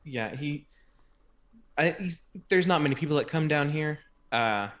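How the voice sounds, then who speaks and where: A man voicing a hesitant male tavern contact who halts often with pauses and fillers. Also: a little high, expressive, fairly bright tone, slight background noise. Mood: cautious. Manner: halting, full of pauses and fillers.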